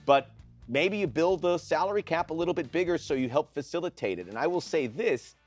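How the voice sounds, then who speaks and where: Animated, opinionated male podcast host. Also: a little high, a little fast, soft background music. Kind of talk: casual sports podcast chat.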